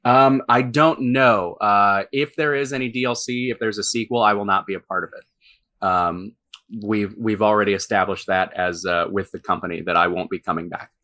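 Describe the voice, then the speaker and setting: Guy w a bright tense voice, kinda low, rambly chat full of ums and likes. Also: steady tone, normal speed. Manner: rambling, many fillers and restarts. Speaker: game writer. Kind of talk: casual interview chat.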